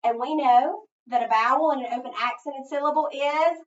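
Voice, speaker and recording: A woman teacher giving a phonics lesson, thinking aloud step by step and pausing so listeners can finish her sentences. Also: high-pitched. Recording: echoey, distant, dull sound.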